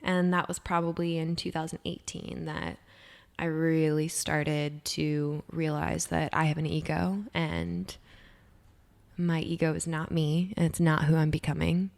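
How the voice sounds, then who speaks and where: Gravelly low-voiced woman, candid podcast chat. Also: flat delivery, unhurried, darkish tone. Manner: candid, emphatic, swears freely. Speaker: podcast co-host. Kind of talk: casual chat.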